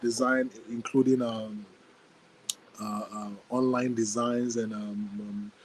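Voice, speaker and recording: A man's voice: mid-range voice, little pitch movement, noisy background. A man hosting a podcast in casual chat, effusive and full of thanks, reading out and praising listener ideas. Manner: effusive, thanks people often, quick to laugh. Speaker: podcast host.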